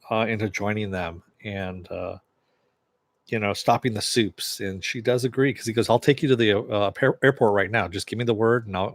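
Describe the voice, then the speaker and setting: A man's voice: fairly low pitch, dry recording. A man casually recapping a TV episode, retelling scenes loosely with fillers and occasional laughs. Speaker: show reviewer.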